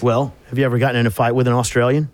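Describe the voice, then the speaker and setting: A man co-hosting a podcast, teasing the others with quick quips. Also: mid-range voice, little pitch movement. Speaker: podcast co-host. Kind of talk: casual banter.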